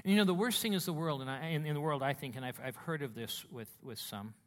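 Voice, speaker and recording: A man preaching a sermon as a pastor, telling stories with animated swings between hushed and loud delivery. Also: a little high, fast, a little hiss or hum.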